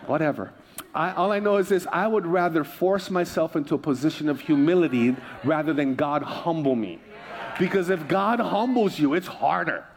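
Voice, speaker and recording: A man's voice: sits high, expressive, normal speed. A middle-aged male pastor, preaching a conversational sermon full of self-deprecating stories and calls for an amen.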